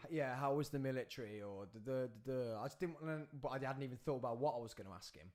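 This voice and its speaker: A man's voice: medium pitch, darkish tone. Chatty young man hosting a podcast. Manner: chatty storyteller, quick bursts and trailing asides. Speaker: podcast host. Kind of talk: casual chat.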